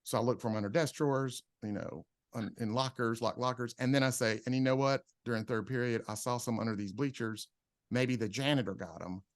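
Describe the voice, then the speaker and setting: A man's voice: medium pitch, a little fast, dry recording, clean studio sound. A man who is a comedian, telling stories in a casual podcast chat and acting out the people he quotes. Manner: animated storyteller, acts out quotes. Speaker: comedian guest.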